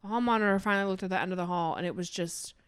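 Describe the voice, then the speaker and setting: A woman's voice: lowish voice, very fast, smooth, no echo, clean studio sound. A woman co-hosting a podcast who joins in playfully while telling an improvised comic story. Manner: playful, chiming in. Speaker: podcast co-host.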